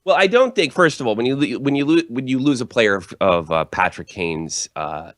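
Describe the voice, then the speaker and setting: A man's voice: mid-range voice, lively intonation, normal speed, fairly bright tone, dry recording, clean studio sound. A hungover man talking hockey as a guest, rambling and swearing, with many fillers and restarts. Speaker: hockey channel host, guest. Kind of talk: casual chat. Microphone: Skype call.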